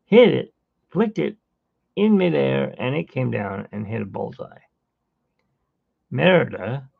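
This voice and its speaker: Very gravelly, tired man on a tinny line. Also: medium pitch, no room sound. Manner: rambling storyteller, hums while working. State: tired from little sleep. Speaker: artist hosting a live drawing stream. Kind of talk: casual live-stream chat while drawing.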